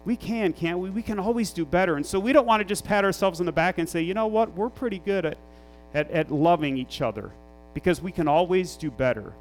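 A man's voice: high voice, a little fast, a little hiss or hum, rough recording. A man pastoring his church, preaching a sermon with rhetorical questions and rising emphasis.

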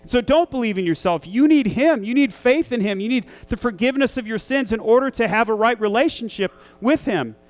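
A man's voice: extremely high pitch, animated, a little fast, hardly any pauses. A man who is a parent, preaching a sermon as pastor in an earnest, emphatic way, repeating key phrases for weight. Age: young adult to middle-aged, a parent.

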